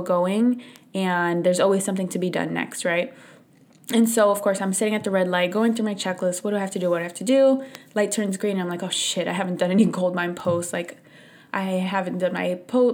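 Candid woman podcast host, storytelling. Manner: candid, animated storytelling, acts out her own thoughts in a higher voice. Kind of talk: casual solo podcast talk.

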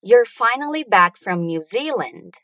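A woman teaching English pronunciation, going slowly through phrases for learners to repeat after her. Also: mid-range voice, sing-song, sharp tone, no echo. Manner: slow, deliberate, stretching out words for learners to repeat.

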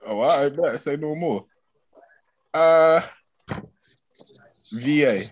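A man's voice: on the high side, slow pace. A man hosting a casual podcast chat, asking playful questions.

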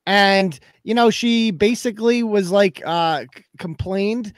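A man's voice: high voice, unhurried, no room sound. A man hosting a podcast, telling a story in a heated, profane rant and acting out other people's lines as he goes. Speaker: podcast host.

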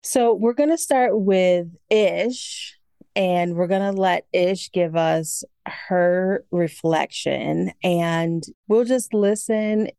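A woman's voice: on the low side, slow pace, dark tone, clear, resonant tone, dry recording, studio quality. Chatty laughing woman podcast co-host. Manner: bubbly, laughs often, chatty. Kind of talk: casual podcast chat.

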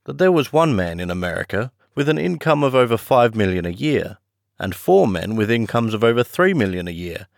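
A man's voice: medium pitch, very animated, fairly quick, gravelly, no room sound, studio quality. A man voicing a polite, eager teenage schoolboy in a storybook reading.

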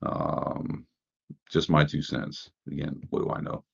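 A man's voice: extremely low pitch, steady tone, takes it slowly, creaky, breathy edge. A man hosting a podcast, giving casual news commentary in a conversational way, asking rhetorical questions and using plenty of fillers. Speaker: podcast host. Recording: dull lo-fi sound.

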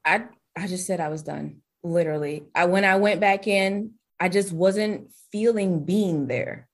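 A woman speaking in a relaxed, conversational way, like an interview guest telling her own story. She often jumps higher in voice when she acts out what she or others said, which keeps her delivery animated. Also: a little slow. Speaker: guest, business coach and former hairstylist.

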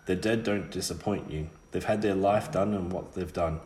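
A man voicing a sharp-tongued ghostly witch girl in an audiobook reading. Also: deep voice, steady tone, normal speed, reverberant, a little hiss or hum, natural voice. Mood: scolding.

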